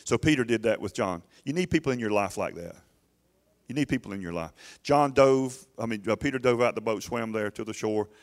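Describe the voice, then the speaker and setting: A man's voice: on the low side, a little fast. A middle-aged man preaching a sermon in a church, emphatic and urging, often restarting his words. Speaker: pastor.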